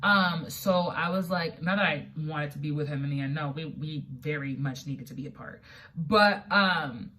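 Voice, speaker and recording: Casting: woman in her twenties, low voice, lively storyteller heard a little far from the mic. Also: normal speed. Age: 20s. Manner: animated storytelling, acts out quotes, many fillers. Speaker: guest. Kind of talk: casual chat.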